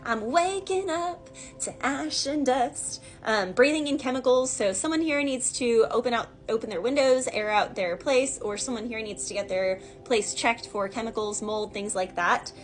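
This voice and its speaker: A woman's voice: a little high, moderate pace, few pauses, soft background music. A woman giving a casual, rambling tarot reading, talking in a chatty way full of fillers and asides. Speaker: tarot reader.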